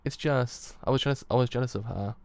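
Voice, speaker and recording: A man reading the lines of a scheming teenage schoolgirl aloud in his own quick, plain voice. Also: medium pitch, gravelly, dry recording, lightly acted.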